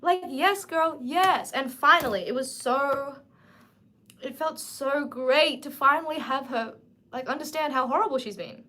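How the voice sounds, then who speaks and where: A woman in her twenties hosting a casual livestream book chat, animated and emphatic. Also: high voice, unhurried. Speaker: livestream host.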